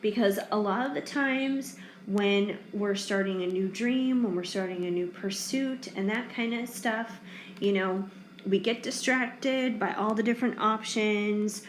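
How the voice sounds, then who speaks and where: A tired woman gives a casual pick-a-card tarot reading in a medium-pitched, unhurried voice, yawning late in the day. She's chatty and reassuring, full of fillers, in an echoey room with faint ambience and slight background noise.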